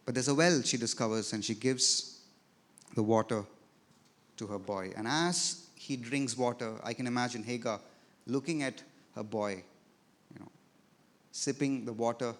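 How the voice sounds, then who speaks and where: A man preaching a sermon in a church. His voice is mid-pitched. He tells the story as a preacher, swelling and dropping his loudness to stress each point. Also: a little slow, pauses often. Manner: storytelling preacher, rises and drops in loudness for emphasis. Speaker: pastor. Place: church sanctuary.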